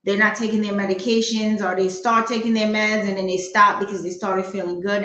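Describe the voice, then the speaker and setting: A woman's voice: medium pitch, level tone, a little fast, hardly any pauses, a bit bright. Blunt New woman in an echoey room. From New York. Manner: blunt, skeptical, talks back at the clip. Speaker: live stream host. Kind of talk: casual crime commentary.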